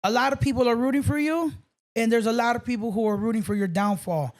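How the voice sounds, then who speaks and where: A man's voice: very high voice, fast talker. A man, a guest on a podcast, chatting casually and telling loose stories with swearing and bits of Spanish. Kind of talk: casual chat.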